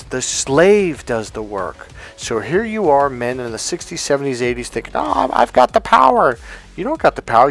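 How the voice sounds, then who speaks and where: A man giving a casual, blunt lecture as a dating coach, swearing freely and telling anecdotes. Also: mid-range voice. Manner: blunt, profane, emphatic.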